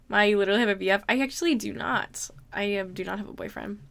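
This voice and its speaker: A woman's voice: mid-range voice, gravelly, pushed and bright. A woman chatting casually on a livestream, reading viewer messages aloud and reacting with exclamations and laughter. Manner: reads viewer messages aloud and answers them.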